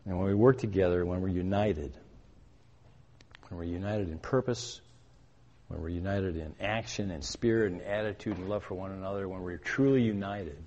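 An older man preaching a sermon as a pastor. He speaks with emphasis, asks his listeners questions and builds to loud, urgent commands. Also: low-pitched, fairly even intonation, normal speed, dull audio. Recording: long hall reverb.

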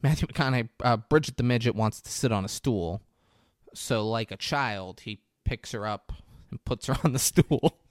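A man co-hosting a casual podcast, retelling film scenes in an animated way, often laughing and jumping into loud high voices for the characters. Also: moderate pace, no echo, studio quality. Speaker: podcast co-host recapping a film. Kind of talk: casual chat.

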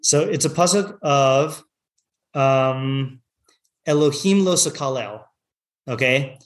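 A man's voice: mid-range voice, takes it slowly. Man, rabbi, weekly class, casual teaching, frequent fillers, restarts, reads texts aloud. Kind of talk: informal text study class.

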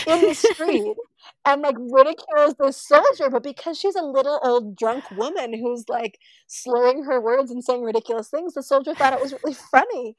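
Woman, casual storyteller, acts out quotes, slightly high voice, dry sound. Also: moderate pace, dry recording, poor audio.

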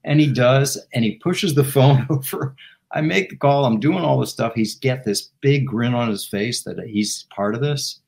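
Man telling a lively anecdote. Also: mid-range voice, normal speed, gravelly. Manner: animated anecdote teller who acts out the dialogue. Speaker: guest, former football team executive. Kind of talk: storytelling in a talk show interview.

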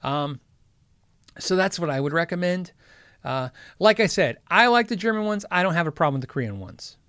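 A man with a somewhat high voice hosts a live guitar gear stream, talking casually and reading chat. He rambles, cracks jokes and interrupts himself often. The sound is dry, with no room echo. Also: expressive, normal speed, fairly bright tone, clean tone. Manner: rambling, chatty, frequently sidetracked; joking, self-interrupting. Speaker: host of a guitar gear livestream.

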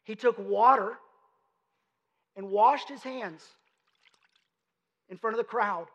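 High-voiced pastor preaching in a reverberant hall. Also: male voice, slow, pauses often, fairly bright tone. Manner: conversational, emphatic preaching with rhetorical questions. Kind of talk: sermon. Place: church sanctuary.

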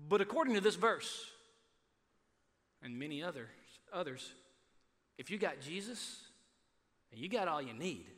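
Animated preacher from Texas, high bright voice. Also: male voice, unhurried, pauses often. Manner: animated, repeats words for emphasis, swings from loud to quiet. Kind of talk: sermon. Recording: reverberant hall.

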